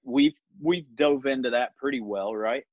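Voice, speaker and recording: A man's voice: medium pitch, measured pace, no echo, phone-quality sound. A man hosting a podcast who leads a Bible study conversation, reading scripture aloud and making his points with earnest emphasis. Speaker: podcast host.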